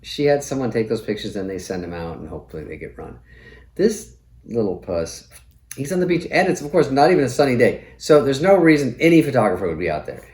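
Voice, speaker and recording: A man's voice: medium pitch, big pitch swings, quick pace, a little mellow. A middle-aged man hosting a comedy show and delivering a profane, sardonic monologue. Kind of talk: comic monologue. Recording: roomy echo.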